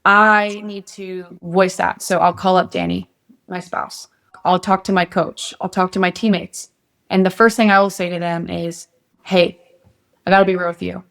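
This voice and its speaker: A woman's voice: on the low side, fairly even intonation, moderate pace, fairly bright tone. Earnest, motivational young woman guest. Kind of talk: casual interview.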